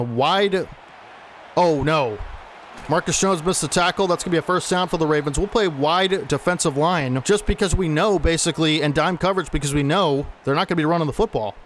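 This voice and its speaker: A man commentating his own football video game play-by-play, excitable and talking straight to viewers. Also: on the high side, slight background noise. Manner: excitable, talks to viewers as folks. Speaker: gaming commentator.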